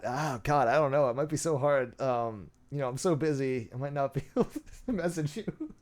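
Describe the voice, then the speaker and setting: A man's voice: mid-range voice, moderate pace, a little mellow. A man hosting, reading messages aloud with dry, sarcastic, mock-serious commentary. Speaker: host.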